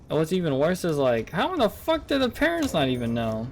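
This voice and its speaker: A man's voice: on the high side, sing-song, normal speed, hardly any pauses, a little hiss or hum. A young man telling a casual, rambling story straight to his viewers, full of swearing and incredulous outbursts. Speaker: vlogger.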